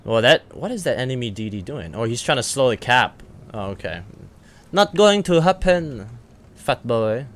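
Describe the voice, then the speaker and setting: A man hosting his own gaming channel, giving casual, excitable commentary over a naval battle game and swearing freely as he talks to the enemy. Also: medium pitch, moderate pace. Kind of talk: live gameplay commentary.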